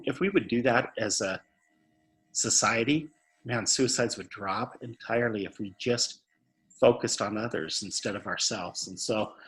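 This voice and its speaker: A man's voice: medium pitch, fairly bright tone. A man speaking earnestly in an interview, telling a story and often repeating words as he stresses a point. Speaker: suicide prevention speaker.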